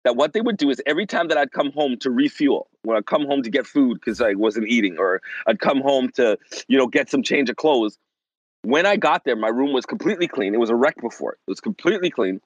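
A man's voice: medium pitch, a little fast, slightly rough, dry recording, highs cut off. A man in his forties, a minister and family therapist, telling a personal story as a podcast guest and acting out the voices of others. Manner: animated, acts out the voices of others.

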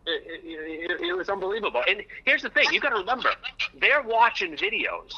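An excitable man rambles through a story over a phone line, his voice bright and pitched a touch high. He keeps restarting phrases and piling on words as the tale builds. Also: a little fast, husky. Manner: excitable, rambling, repeats himself. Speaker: guest comedian. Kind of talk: animated storytelling on a call-in show.

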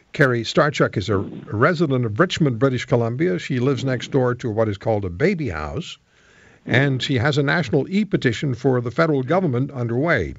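Animated male talk radio host. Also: mid-range voice, dry recording, lo-fi sound. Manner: combative, rhetorical and jokey. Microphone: studio microphone.

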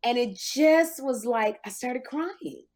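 A woman in her fifties, a talk show host, telling an emotional story in lively chat, jumping up in pitch when she quotes people. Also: slow. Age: 50s.

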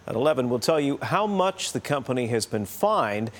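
A male news reporter reading a measured, formal preview of an upcoming news story. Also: mid-range voice, sing-song.

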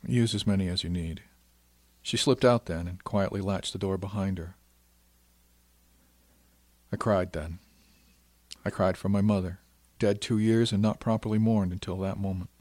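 Guy reading a sci-fi audiobook, low voice, dry close sound, steady and thoughtful. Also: dry recording. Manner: measured and reflective. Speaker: audiobook narrator. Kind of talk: scripted first-person narration.

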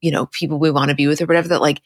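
Woman, low voice, dry close mic, casual rambling recap chat. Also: no room sound. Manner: rambling, quick, recounts scenes in a flat retelling voice. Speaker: podcast co-host.

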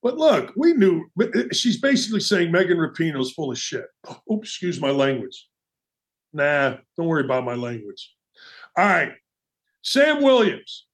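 A man's voice: high-pitched, measured pace. A man hosting a sports talk show, delivering a brash, opinionated monologue with mocking asides. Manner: brash, animated, mocking asides and quoted voices.

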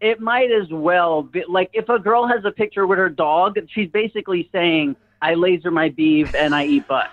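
A man's voice: high voice, moderate pace, hardly any pauses. A man telling a rambling comedic story in casual chat, laughing often as he talks. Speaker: guest. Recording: dull lo-fi sound.

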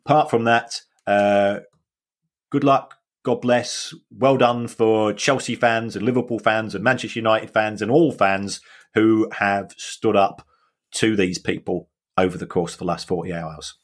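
A man's voice: lowish voice, steady tone, a little slow. A man co-hosting a football finance podcast in casual chat, earnest and emphatic, with some stammering restarts.

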